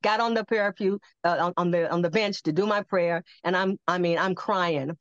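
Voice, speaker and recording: An older woman on a podcast telling a personal testimony, animated and acting out the voices she quotes. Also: lowish voice, fairly quick, hardly any pauses, no room sound. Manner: animated storyteller who acts out quoted voices. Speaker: podcast guest. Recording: dull lo-fi dry sound.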